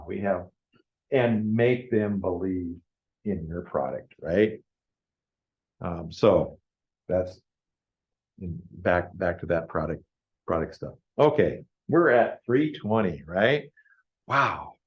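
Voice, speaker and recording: A man's voice: low voice, expressive, takes it slowly, long pauses. A man presenting a business planning workshop in a casual lecture style, often checking in with the group as he talks. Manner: conversational, keeps checking in with the group. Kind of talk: informal classroom lecture. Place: meeting room with a live audience. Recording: echoey lo-fi room recording.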